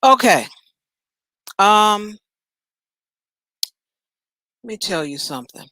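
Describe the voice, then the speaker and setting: Host, woman from Chicago, slow exasperated rant, dry close sound. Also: mid-range voice, big pitch swings, sharp tone, no echo. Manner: blunt, exasperated ranting. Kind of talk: news reaction commentary. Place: at home.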